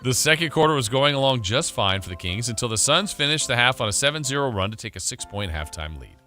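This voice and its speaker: A man co-hosting sports radio, briskly recapping a game and laughing at sound drops. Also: mid-range voice, animated, sharp tone, faint music behind.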